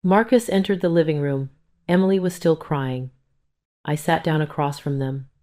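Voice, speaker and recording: A woman narrates a dramatic first-person family story. Her delivery is stern and cold, in a low voice. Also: normal speed, dark tone.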